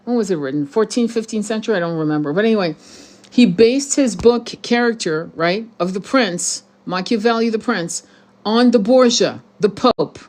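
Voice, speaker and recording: A woman's voice: mid-range voice, normal speed, darkish tone. A woman hosting her spiritual channel, talking bluntly and heatedly to her viewers in a profane, rambling monologue with many restarts. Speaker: tarot channel host.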